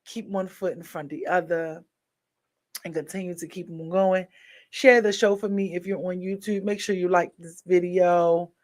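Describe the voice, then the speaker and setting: A woman's voice: on the low side, fairly even intonation, moderate pace, darkish tone. A tired woman hosting a livestream, chatting casually and encouraging her viewers as she signs off. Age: adult with a daughter. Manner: chatty, encouraging, loose slangy talk. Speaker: livestream show host. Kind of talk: casual sign-off chat with viewers.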